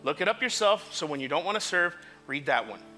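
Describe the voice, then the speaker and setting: A male pastor preaching an impassioned sermon in a church, moving from quiet asides to shouts. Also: on the high side, expressive, fairly quick, faint music behind. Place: church sanctuary.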